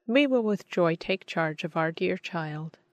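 A woman's voice: fairly low pitch, lively intonation, a little slow, dry recording. A woman reading the part of a loving father who speaks tenderly and kindly to his daughter. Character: loving, warm-hearted father.

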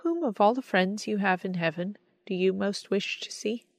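A woman's voice: medium pitch, normal speed, no room sound, lightly acted. A woman reading as a kindly, wise guide. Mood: gentle. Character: kindly, wise adult man guiding newcomer.

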